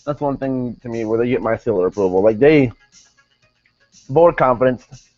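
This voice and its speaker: A young man talks through a wrestling episode in a loose, rambling way, full of fillers and restarts. His mid-pitched voice comes through dull and lo-fi, and faint music plays behind him. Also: normal speed, a little mellow, no echo. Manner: rambling, many fillers and self-corrections. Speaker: wrestling show reviewer. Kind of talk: casual video review.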